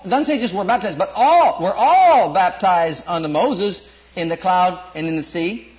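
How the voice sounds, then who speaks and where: A man preaching a sermon and reading scripture, stressing and repeating key words and dropping into quieter asides. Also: lively intonation, moderate pace, lo-fi sound. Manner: emphatic, repeats words, swings from low asides to loud stressed lines.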